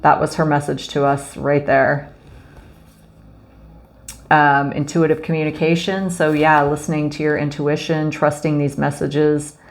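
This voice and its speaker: A woman with a low, gravelly voice talks through an oracle card reading in a casual way. She gushes over each card and fills her talk with ums and restarts. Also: little pitch movement, measured pace. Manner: effusive, gushing, frequent fillers. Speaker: spiritual card reader.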